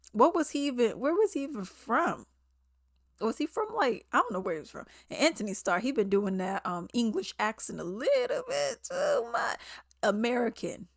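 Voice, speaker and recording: A woman giving a casual spoken movie review, animated and quick to mimic people in quotes, laughing often. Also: on the high side, no room sound, studio quality.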